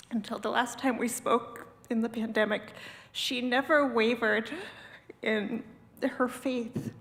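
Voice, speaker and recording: A tearful woman speaking as a friend at a memorial service, halting and emotional. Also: a little high, creaky. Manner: halting, with many fillers and restarts. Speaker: friend giving a eulogy. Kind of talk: memorial tribute speech. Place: spiritual center sanctuary. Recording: echoey hall reverb.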